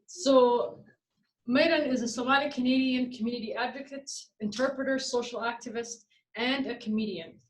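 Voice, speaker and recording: A woman hosting an online community event, reading a measured, formal introduction of the next speaker. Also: a little high, poor audio. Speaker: event host.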